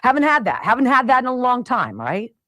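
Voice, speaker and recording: A woman's voice: a little high, very animated, brisk, pushed and bright, no echo. A middle-aged woman hosting a talk radio show, venting in an opinionated monologue and mimicking sounds and voices. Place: home studio with camera. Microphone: studio mic.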